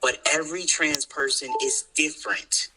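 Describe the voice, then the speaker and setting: A man's voice: fairly high pitch, fairly even intonation, moderate pace, noisy background. A man co-hosting a podcast in casual chat, ranting emphatically with lots of profanity and bursts of laughter. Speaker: podcast co-host.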